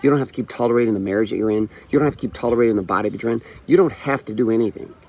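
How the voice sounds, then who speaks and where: A man's voice: lowish voice, rapid-fire, darkish tone. A man hosting a motivational show, speaking bluntly with profanity and hammering repetition, telling stories with quoted back-and-forth dialogue. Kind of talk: motivational monologue.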